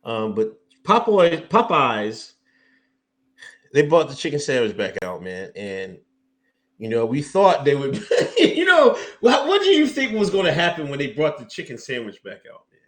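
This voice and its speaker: A man's voice: fairly high pitch, huge pitch swings, unhurried. A man co-hosting a podcast in casual chat, rambling with lots of fillers like "you know" and "man". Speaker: podcast co-host.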